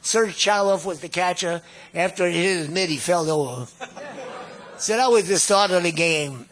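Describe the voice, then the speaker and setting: A man's voice: high voice, moderate pace, a bit bright, a faint crowd. A man in his nineties, a guest musician, reminiscing in a rambling way, often repeating words and chuckling at his own tales. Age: 90s. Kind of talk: storytelling reminiscence.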